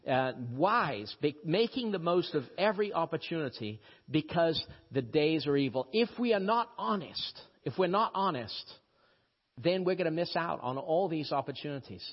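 A husky-voiced man from Brazil with a faint British-tinged accent delivers a church sermon, spinning stories and jumping up in pitch to stress a point. His voice rings with a long hall reverb on a dull, lo-fi recording. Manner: storytelling, animated with pitch jumps for emphasis. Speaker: pastor.

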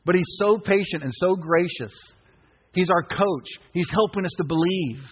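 A man around fifty preaching a sermon as pastor, impassioned, breaking into shouts. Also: high voice, normal speed, slightly rough. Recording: echoey hall, dull lo-fi sound.

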